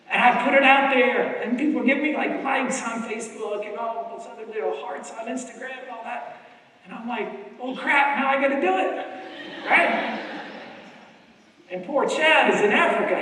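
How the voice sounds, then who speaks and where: A middle-aged man from New York giving an animated motivational speech on stage, telling stories and drawing the audience into call-and-response. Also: high voice. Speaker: keynote speaker. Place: large hall on stage. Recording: echoey hall from far off.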